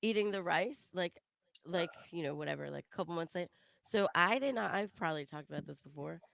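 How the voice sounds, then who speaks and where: A woman co-hosting a podcast, telling stories in a chatty way with a gravelly, fry-heavy voice. The sound is dry and close. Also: fairly low pitch, fast, fairly bright tone, dry recording. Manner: chatty storytelling, laughing. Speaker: podcast co-host. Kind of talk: casual chat.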